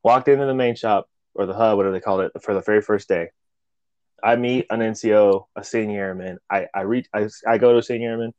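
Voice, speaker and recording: A man's voice: on the low side, fairly even intonation, fast talker, a little mellow, no room sound, dull audio. Profane, laughing storyteller man. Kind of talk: casual storytelling chat.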